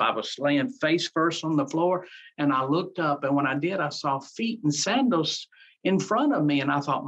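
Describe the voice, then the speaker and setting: A pastor tells his story in an interview, his voice sitting a bit high for a man, with a gravelly, breathy edge. He speaks earnestly, repeating phrases and acting out what he once said. The recording sounds dull and lo-fi. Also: a bit bright. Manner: earnest, repeats phrases, acts out his own past words.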